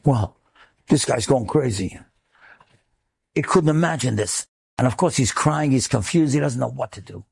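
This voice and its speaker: A man's voice: mid-range voice, animated, normal speed, gravelly, long pauses, darkish tone, slightly rough. A man, a rabbi, telling an inspirational story with emotive delivery that rises in intensity. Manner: emotive, builds to rising intensity.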